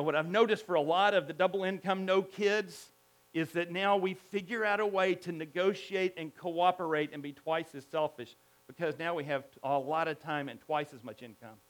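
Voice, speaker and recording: High-voiced man preaching a sermon. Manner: emphatic, animated preaching with repetitions and restarts. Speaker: pastor.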